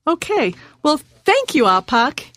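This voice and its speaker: A woman's voice: high-pitched, sing-song, a bit bright, no room sound. Woman teaching a patient radio language lesson. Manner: patient teacher, slows and repeats words.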